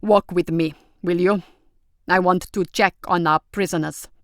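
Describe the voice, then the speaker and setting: A woman's voice: on the low side, steady tone, unhurried, no room sound, studio quality. A woman voicing a reserved young prince and army commander who speaks tersely and firmly.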